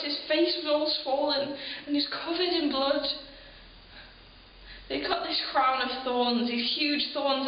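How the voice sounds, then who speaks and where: A woman's voice: high voice, close to an everyday voice. A woman playing an earnest eyewitness townswoman. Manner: earnest, emotional storytelling with breathy laughs and sighs. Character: ordinary townswoman recalling the crucifixion, earnest. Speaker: eyewitness in a church program video. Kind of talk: dramatic first-person monologue. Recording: very echoey room, dull sound, faint hiss.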